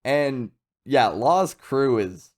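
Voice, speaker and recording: A man giving a casual, rambling video review of a comic chapter, chatty and lively. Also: mid-range voice, extremely slow. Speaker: manga reviewer.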